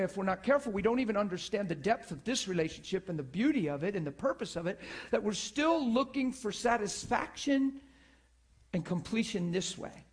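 Male preacher, high-ish voice, lively teaching delivery, stammered restarts, talks with the audience. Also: slightly rough. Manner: animated, repetitive, checks in with the audience. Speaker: preacher teaching a church school class. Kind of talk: sermon.

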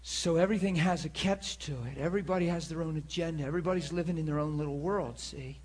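A man's voice: on the high side, fast talker, a little mellow, husky. A man preaching a sermon, telling a personal story in an earnest, storytelling manner. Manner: earnest, storytelling, with many repeated words.

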